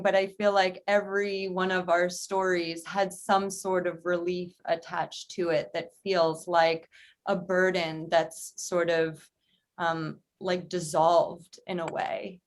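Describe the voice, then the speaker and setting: A woman co-hosting a casual chat, reflecting briefly and then signing off the episode. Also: lowish voice. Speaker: co-host. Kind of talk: casual chat, show sign-off.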